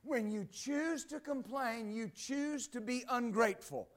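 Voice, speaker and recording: A man preaches a sermon in a high, bright register. He reads passages of scripture aloud, then breaks them down with emphatic repetition. He returns again and again to the same short phrases to drive his points home. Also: unhurried. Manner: emphatic, repeats "Amen" and "believe that". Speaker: pastor.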